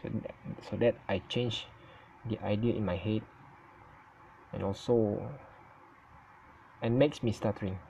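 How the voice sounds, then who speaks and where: Male vlogger, Malay first language, halting and self-correcting, low mellow voice, dull lo-fi recording. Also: steady tone, gravelly, slight background noise. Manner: halting, stuttering, often restarts and corrects himself. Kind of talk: casual spoken opinion recording.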